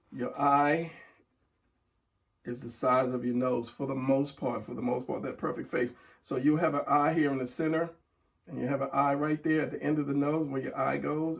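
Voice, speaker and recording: Gravelly man explaining drawing steps. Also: medium pitch, far from the mic. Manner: talks while drawing, trails off into murmurs. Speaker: drawing instructor. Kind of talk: casual drawing tutorial.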